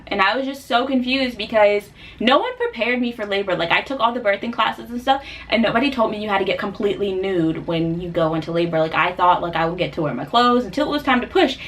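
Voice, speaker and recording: A young woman vlogger telling a personal story in a casual, chatty way, full of fillers, getting animated when she quotes people. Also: medium pitch, a little hiss or hum. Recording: voice a bit distant from the mic.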